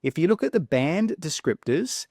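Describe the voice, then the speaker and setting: A man teaching an English exam lesson, clearly explaining points and slowly modelling word pronunciation. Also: on the high side, very animated, darkish tone, no echo, studio quality. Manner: clear, instructive, stresses words slowly when modelling pronunciation. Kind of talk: video lesson.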